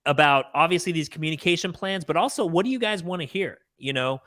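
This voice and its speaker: A man's voice: on the high side, animated, quick pace, a bit bright, no echo, clean studio sound. A man co-hosting a live real estate talk show, earnestly thanking listeners and encouraging them to send feedback. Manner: earnest, encouraging, addresses listeners as folks and guys. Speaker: real estate podcast co-host. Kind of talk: casual business chat, show wrap-up.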